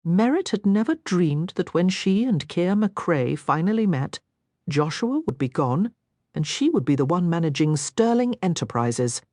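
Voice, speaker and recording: A woman narrating a historical romance audiobook in an expressive storytelling manner. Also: lowish voice, a little slow, dry recording, clean studio sound.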